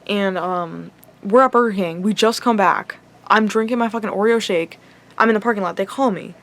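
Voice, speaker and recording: Young woman, casual vlog storytelling, rambling, swears a lot, upset, mid-pitched voice. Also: normal speed, a bit bright. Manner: rambling, heavy use of "like" and swearing; emotional, upset retelling. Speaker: vlogger.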